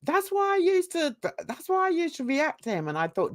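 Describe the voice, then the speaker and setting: A woman's voice: extremely high pitch, sing-song, brisk, few pauses. A woman hosting casual reaction commentary, chatty and gossipy, laughing often. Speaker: commentary channel host.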